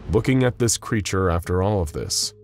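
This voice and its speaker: Male narrator, very deep voice, measured dramatic storytelling, faint music underneath. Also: expressive.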